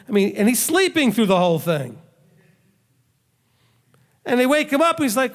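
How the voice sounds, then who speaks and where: High-voiced man preaching in a reverberant hall. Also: very animated, normal speed, pauses often. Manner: conversational preaching, rhetorical questions, emphatic repetition. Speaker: rabbi, congregation leader. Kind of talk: sermon.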